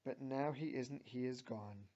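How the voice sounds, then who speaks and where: A man's voice: medium pitch, a little slow, warm tone, natural voice. A man reading the lines of an abrasive, cynical young woman who swears and grumbles, on a dull lo-fi recording. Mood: grumbling bitterly.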